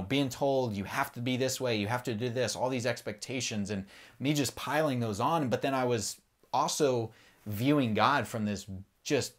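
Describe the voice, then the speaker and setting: A man on a podcast, candidly telling a personal faith story in an earnest, rambling way and swearing freely. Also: mid-range voice.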